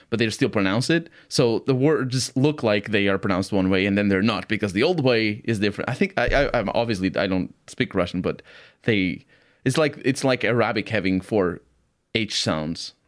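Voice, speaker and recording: A man in casual chat who speaks English as a second language and laughs often. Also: fairly low pitch. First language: not English.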